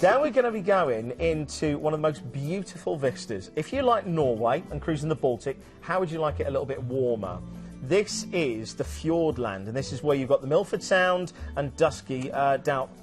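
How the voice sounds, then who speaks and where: Man, cruise TV presenter, a bit high-voiced, chatty with lots of ums, music faintly behind. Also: animated, moderate pace. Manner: chatty, many ums and restarts. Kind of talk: enthusiastic travel sales chat.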